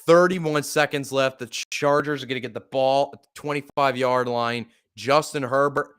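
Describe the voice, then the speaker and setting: A man hosting a live fan play-by-play stream, calling the game casually and swearing freely, with big jumps in excitement. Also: medium pitch, normal speed, few pauses, clean tone. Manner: excitable, profane, shouting when upset. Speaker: sports podcast host.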